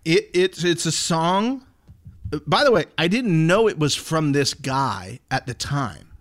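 A man's voice: fairly high pitch, lively intonation, slow pace, a bit bright. A man co-hosting a podcast, chatting casually, joking and swearing now and then. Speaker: podcast co-host. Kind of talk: casual chat.

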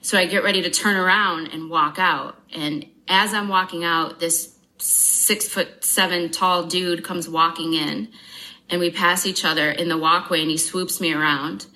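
A woman speaks as an interview guest, frank and unguarded, swearing freely. Her voice sits a touch low but comes across bright and forceful. She moves briskly through her account with dry, wry humor. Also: fairly even intonation, poor audio. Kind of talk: candid personal storytelling.

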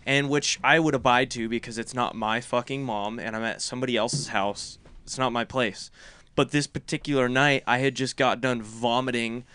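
Young guy on a podcast, swears a lot, gets worked up telling his story, smooth dry voice. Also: mid-range voice, moderate pace, no echo. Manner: profane, animated storyteller. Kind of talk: casual storytelling chat.

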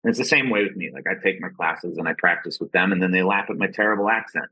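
A man's voice: low-pitched, fast talker, pushed and bright, breathy edge, no room sound. A man from Ohio, a podcast guest, chatting casually with lots of fillers and a self-deprecating manner. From Ohio, USA. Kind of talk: casual interview talk. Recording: dull, slightly muffled sound.

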